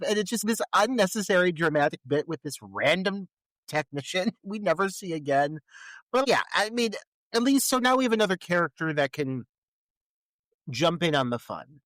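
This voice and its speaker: Animated, cursing man podcaster. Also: a little high, no echo. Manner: animated, profane, laughing recaps. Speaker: podcast co-host. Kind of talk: casual film-review chat.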